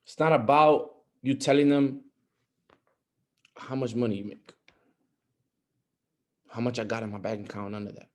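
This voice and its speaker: A man's voice: mid-range voice, flat delivery, moderate pace, pauses often. A young man giving an earnest motivational talk on a group call, repeating his points and growing emphatic. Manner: earnest, repetitive, rising to emphatic.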